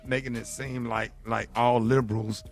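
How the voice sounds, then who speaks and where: Gravelly-voiced joking radio host. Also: male voice, mid-range voice, flat delivery, normal speed. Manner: loud, joking, fake sneezes and playful yelling. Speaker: radio morning show host. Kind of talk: casual on-air banter.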